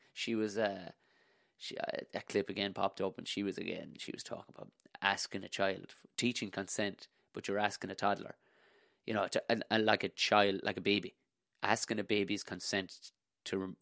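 Irish guy rambling on his podcast, deep gravelly voice, curses constantly, dry close mic. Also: a bit bright, dry recording. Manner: profane, rambling, jokey. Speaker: podcast host. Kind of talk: casual rambling monologue.

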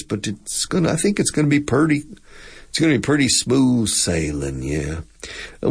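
A man with a Texan accent putting on a laid-back airline captain giving a slow, relaxed cabin announcement. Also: deep voice, gravelly, husky, heavily acted.

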